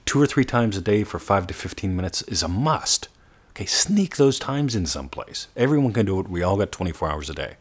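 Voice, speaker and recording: Husky deep-voiced man coaching. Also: very animated. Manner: earnest coaching, drops to slow, soft demonstrations. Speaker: manifestation coach. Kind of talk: motivational teaching talk.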